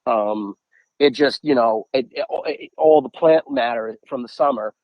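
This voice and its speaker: Animated young man telling fishing stories. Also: mid-range voice, unhurried, no echo, dull audio. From United States. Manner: animated, acts out quotes, many repeated "I'm like". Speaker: podcast guest, angler. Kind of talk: casual storytelling.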